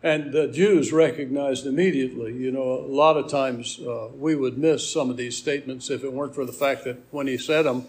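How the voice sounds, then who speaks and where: A man's voice: medium pitch, fairly even intonation, normal speed, hardly any pauses, darkish tone. A man preaching a sermon, explaining scripture in an earnest teaching manner.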